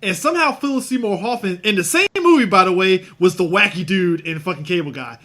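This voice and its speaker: Man, high pitch, lively swings, casual podcast co-host. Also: fairly quick. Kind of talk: casual movie chat.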